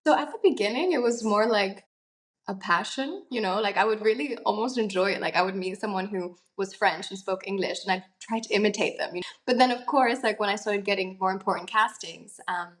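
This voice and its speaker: A young adult actress from Italy, talking in a casual, chatty interview with lots of fillers. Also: female voice, mid-range voice, fairly quick. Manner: chatty, many fillers and laughs. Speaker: actress, guest.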